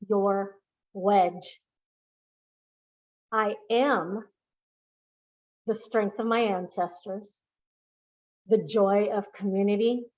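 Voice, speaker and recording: Woman reading her poem slow and emphatic, muffled lo-fi video call sound. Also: medium pitch. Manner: deliberate, emphatic recitation. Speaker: poet. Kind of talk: poetry reading.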